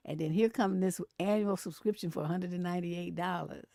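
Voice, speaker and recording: A woman's voice: lowish voice, brisk, vocal fry, warm tone, no room sound, clean studio sound. A middle-aged woman, a relationship coach, hosting a casual live stream, telling stories bluntly with a lot of profanity and laughter. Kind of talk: casual livestream commentary.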